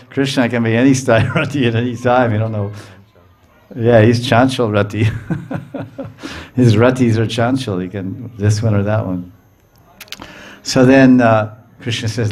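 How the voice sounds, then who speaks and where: A man giving a religious lecture, telling a sacred story in a lively way, acting out the characters and checking in with his listeners. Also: lowish voice. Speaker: spiritual teacher.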